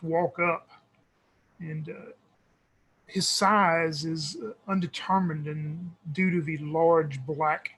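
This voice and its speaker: Player, male, slow-paced, husky, deliberate narration. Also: a little high, a bit bright, poor audio. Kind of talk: describing his character in a tabletop game.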